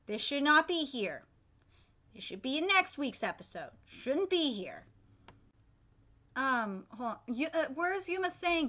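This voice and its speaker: A woman hosting a live anime reaction, critiquing emphatically with frequent swearing and halting restarts. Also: high-pitched, sing-song, bright, forceful tone. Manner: exasperated and emphatic.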